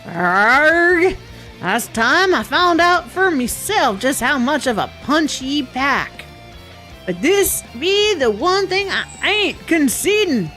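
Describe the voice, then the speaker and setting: A woman's voice: sits high, sing-song, slow, pushed and bright, soft background music, exaggerated voice. A woman putting on a hearty old pirate captain. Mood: defiant. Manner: hearty drawling pirate talk. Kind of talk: reading game dialogue aloud in character.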